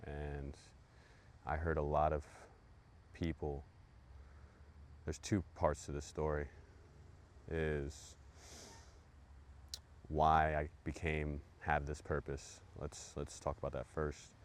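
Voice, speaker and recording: Very deep-voiced man telling a wild story. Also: completely flat delivery, slow, long pauses. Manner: profane, hyped storytelling with repetitions. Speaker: podcast host. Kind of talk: storytelling monologue.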